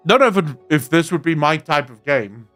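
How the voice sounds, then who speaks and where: South african guy rambling to his stream chat, swears a lot, bright tense voice, faint music under it. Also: fairly high pitch, lively intonation, a little fast. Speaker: game streamer. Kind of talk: casual live-stream chat.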